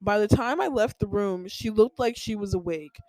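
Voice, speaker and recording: A woman's voice: medium pitch, normal speed, a little mellow, dry recording, poor audio. Young woman ranting on a podcast. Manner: rambling, heated, lots of filler words. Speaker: podcast host. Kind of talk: casual personal storytelling.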